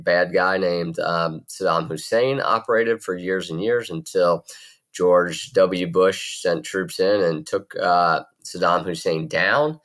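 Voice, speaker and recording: A man's voice: low-pitched, a bit bright. A man teaching a recorded geography video lesson in a chatty, rambling way with jokey asides.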